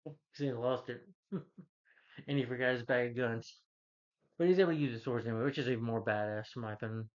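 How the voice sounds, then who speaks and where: Male reviewer, middle pitch, casual rambling plot recap with chuckles, dull lo-fi sound. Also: fast talker, pauses often. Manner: rambling, chuckling, restarts, acts out quotes in a higher voice. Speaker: movie reviewer. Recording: dull lo-fi recording.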